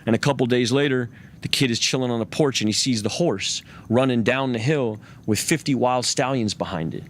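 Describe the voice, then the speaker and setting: A man spins a long, rambling story in casual conversation. He swears freely and keeps stumbling over and restarting his phrases. His pitch sits in the middle, and faint background noise runs under the recording. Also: fairly quick. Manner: profane, rambling, restarts a lot. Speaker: interview guest.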